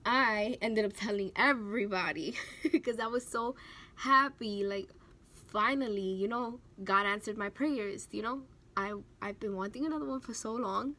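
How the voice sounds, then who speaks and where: A young woman with a slightly high voice tells a personal story on her vlog. She is animated and emotional, and her talk is full of fillers and acted-out quotes. A faint hiss of background noise sits under her voice. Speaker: vlogger.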